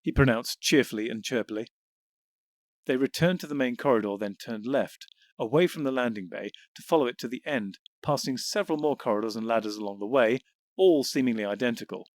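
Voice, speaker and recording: A man's voice: mid-range voice, dry recording. Man narrating an audiobook. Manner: measured, descriptive storytelling. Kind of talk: scripted narration.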